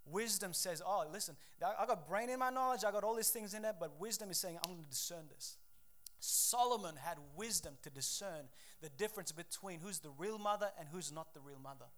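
High-voiced preaching pastor, man. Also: lively intonation, brisk, fairly bright tone. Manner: preaching with rising intensity, quoting scripture. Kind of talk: sermon.

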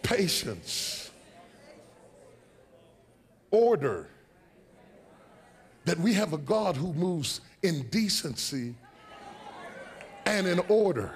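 A man preaching a sermon to a congregation. He builds into shouted, half-sung preaching and breaks into long counting runs. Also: sits high, a little hiss or hum. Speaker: pastor.

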